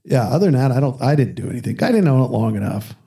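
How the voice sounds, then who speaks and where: Male host, loose and profane storyteller, warm low timbre. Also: big pitch swings, fast, vocal fry. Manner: profane storyteller who acts out quoted exchanges. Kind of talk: casual car chat.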